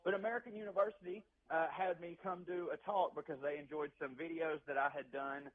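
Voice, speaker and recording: A man's voice: on the high side, fairly even intonation, a little fast. Joking Southern man on a muffled phone line. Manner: joking, self-deprecating storyteller. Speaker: stand-up comedian guest. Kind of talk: casual phone interview.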